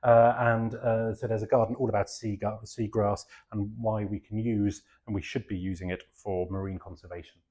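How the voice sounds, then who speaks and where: A man's voice: on the low side, little pitch movement, normal speed, hardly any pauses, a little mellow. A middle-aged man from England with a southeast English accent, giving a rambling, self-deprecating talk with many fillers. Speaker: garden designer giving a talk. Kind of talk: chatty public talk.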